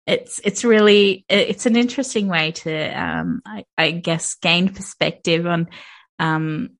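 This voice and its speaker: A woman co-hosting a podcast in casual chat, animated and giggly, with many fillers. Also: lowish voice. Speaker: podcast co-host.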